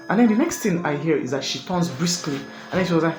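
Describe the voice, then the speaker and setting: A young man telling a comic breakup story in an animated, exasperated, rambling way. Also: on the high side, quick pace, hardly any pauses. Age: young adult. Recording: echoey room, music behind.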